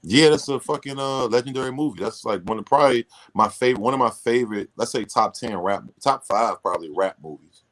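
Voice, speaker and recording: A man's voice: medium pitch, fairly quick, a bit bright, low-quality recording. A man hosting a live stream in casual chat, laid-back and slangy, often restarting his sentences. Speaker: streamer host.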